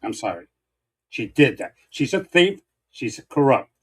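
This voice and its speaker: A man's voice: mid-range voice, very animated, unhurried, husky. A man co-hosting a talk show, arguing heatedly and counting off his points one by one, often repeating himself for emphasis. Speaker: political show co-host. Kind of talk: heated political debate.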